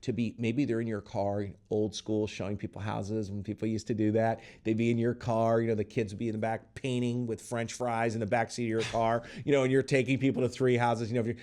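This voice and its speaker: A middle-aged man hosting a casual interview, talking in a lively way and acting out the voices of people he quotes. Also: fairly low pitch, fairly quick, hardly any pauses. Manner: animated, acts out quoted voices. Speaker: podcast host.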